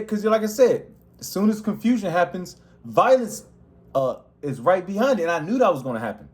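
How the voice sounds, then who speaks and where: A man leads a casual scripture lesson, talking in loose street slang and often restarting his sentences. His voice sits a little high for a man and carries easily. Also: darkish tone. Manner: slangy, rambling, many restarts. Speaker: Bible teacher.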